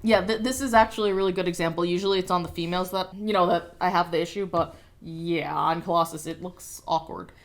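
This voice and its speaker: A young adult woman co-hosting a toy review show, joking and chatting in a lively, casual way. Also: on the low side, quick pace. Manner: playful, joking and animated.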